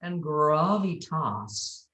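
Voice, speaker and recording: Woman, speech coach, lively voice that swings high and low, demonstrates words aloud, echoey room on a video call. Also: drawn-out words. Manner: animated, demonstrates pronunciation aloud. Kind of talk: coaching interview.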